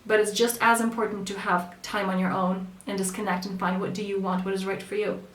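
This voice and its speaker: A woman's voice: mid-range voice, little pitch movement, a little fast, fairly bright tone. Woman, spiritual coach; earnest conversational delivery, acts out quoted voices; echoey room, distant mic. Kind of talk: casual spoken coaching talk.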